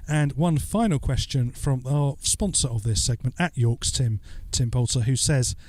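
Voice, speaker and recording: A man's voice: mid-range voice, moderate pace, darkish tone, dry recording. A man standing in as podcast host, answering listener questions in a loose, joking way with lots of "uh" fillers. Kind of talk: casual podcast chat and listener Q&A.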